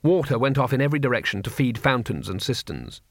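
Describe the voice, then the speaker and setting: A man narrating a comic fantasy audiobook in a measured, wry way. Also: medium pitch, animated, no room sound, clean studio sound. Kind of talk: audiobook reading.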